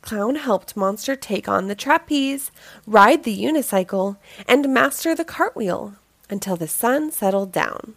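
Slow, expressive woman reading to kids. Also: on the high side, vocal fry, no room sound. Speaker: children's story reader. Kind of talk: reading a picture book aloud.

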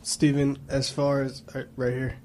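Flat-voiced male reporter, halting. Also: mid-range voice, slight background noise. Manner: halting, restarts his question. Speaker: sports reporter. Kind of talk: press conference question.

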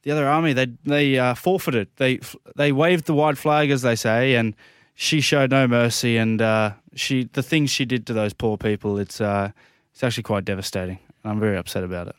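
A man co-hosting sports radio, deadpan and mock-serious. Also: mid-range voice, fairly quick, hardly any pauses, clean tone, no room sound, clean studio sound. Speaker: radio co-host. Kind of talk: deadpan banter.

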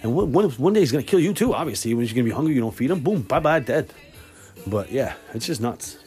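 A man hosting his own podcast, talking casually and swearing a lot as he tells animated workplace stories, then giving cooking tips more calmly and quietly. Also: medium pitch, fast talker, faint music behind. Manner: animated storytelling with lots of swearing. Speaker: podcast host. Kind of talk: casual monologue.

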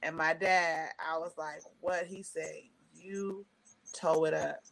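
In a low, creaky voice and an unhurried delivery, a middle-aged woman who does stand-up shares a lengthy personal tale over casual chat. She gets animated and emotional, voicing the people she quotes.

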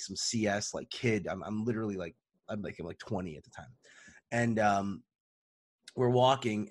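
Casual storyteller, man in his 30s, husky tone, rambling and full of fillers. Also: mid-range voice, no echo. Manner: rambling, animated, many fillers. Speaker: podcast co-host.

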